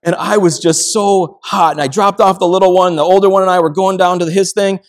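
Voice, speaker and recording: Storytelling male pastor, fairly high voice. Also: fairly even intonation, fairly quick. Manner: conversational storytelling with acted quotes. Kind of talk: sermon.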